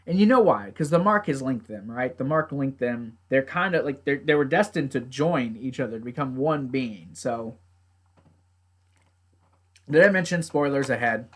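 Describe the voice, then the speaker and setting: A man's voice: mid-range voice, animated, normal speed, fairly bright tone. A man recapping and reviewing a TV episode in a casual, rambling way, now and then swearing at himself or his gear. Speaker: TV show reviewer.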